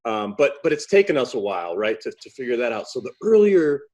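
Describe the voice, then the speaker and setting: A man's voice: medium pitch, big pitch swings, brisk, darkish tone. Enthusiastic New York man in his fifties. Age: 50s. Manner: enthusiastic, announcer-like intros. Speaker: podcast host. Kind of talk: casual podcast interview.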